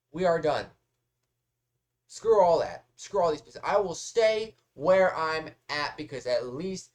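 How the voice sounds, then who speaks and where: Male reaction host, chatty and rambling, casual swearing, medium pitch.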